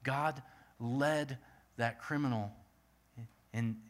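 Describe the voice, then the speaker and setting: Slow, earnest male pastor preaching. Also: medium pitch. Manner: earnest, repetitive, builds lists. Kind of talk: sermon.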